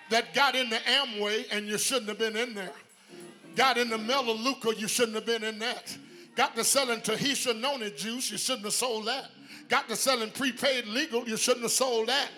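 Male preacher, very high and piercingly bright, sing-song whoop, shouted peaks, congregation call-outs. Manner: calls out to the congregation. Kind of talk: sermon.

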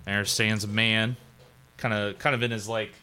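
A man's voice: on the low side, level tone, normal speed, sharp tone, smooth. A young man narrating a tabletop game as game master, in a casual, rambling way with fillers.

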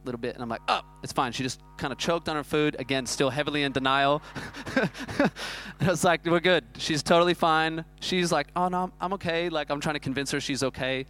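Smooth-voiced pastor telling a story. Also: male voice, a little high, fast talker, hardly any pauses. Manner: storytelling, animated, self-mocking. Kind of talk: sermon with a personal story.

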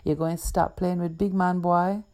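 A woman reading a tall, calm, odd man's lines in a Jamaican accent, quiet and unbothered. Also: sits high, normal speed, clean tone, lightly acted. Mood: calm, teasing. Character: tall calm odd man in a red hat.

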